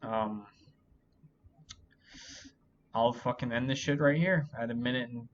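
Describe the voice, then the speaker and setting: A man's voice: medium pitch, a little slow, slight background noise. Drunk man cursing through a rambling vlog. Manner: profane, rambling, self-pitying. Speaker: channel host. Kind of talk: drunken solo commentary. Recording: dull lo-fi recording.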